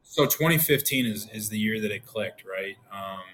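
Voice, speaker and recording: A man in his thirties with a lowish voice tells stories on a podcast. He talks casually and slips into the voices of people he quotes, with a faint hum of noise behind him. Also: normal speed. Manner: animated, acts out quoted dialogue. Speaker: podcast guest, former pro pitcher. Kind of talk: casual storytelling.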